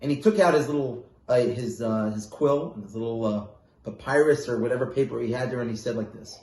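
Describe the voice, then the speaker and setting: A man telling a Hasidic tale casually, with fillers and sudden loud, animated bursts, as a phone voice message. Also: medium pitch, fairly quick, roomy sound. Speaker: storyteller.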